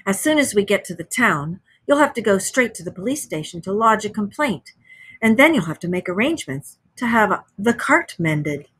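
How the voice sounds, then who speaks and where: A woman's voice: mid-range voice, sing-song, normal speed, a bit bright, slightly rough. A woman reading as a firm, fed-up storybook rat. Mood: exasperated. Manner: firm, exasperated. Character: stern practical male water rat.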